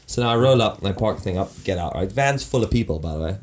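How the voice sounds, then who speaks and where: A man co-hosting a podcast, telling a story in casual, animated chat, swearing and acting out quotes. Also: fairly low pitch, quick pace, a little hiss or hum. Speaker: podcast co-host.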